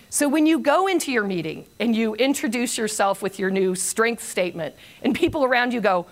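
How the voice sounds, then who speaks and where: Gravelly-voiced older woman giving a keynote. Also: fairly high pitch, moderate pace. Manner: animated, self-mocking storyteller. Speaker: keynote speaker. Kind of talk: motivational conference talk.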